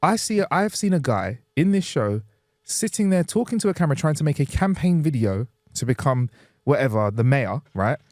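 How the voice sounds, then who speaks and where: A man co-hosting a podcast in casual chat, animated and jokey, laughing often and using slang. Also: a little high, normal speed, dry recording, clean studio sound. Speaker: podcast co-host.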